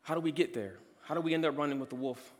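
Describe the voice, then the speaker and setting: A man preaching a sermon as a pastor, emphatic, rising to loud cries and dropping to near-quiet. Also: a little high, fairly even intonation, fast talker. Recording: long hall reverb.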